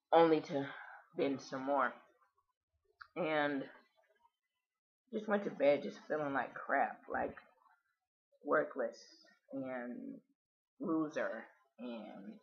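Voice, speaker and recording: A woman's voice: rumbling low, lo-fi sound. A woman recording a confessional video diary, earnest and emotional, trying not to cry. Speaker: vlogger.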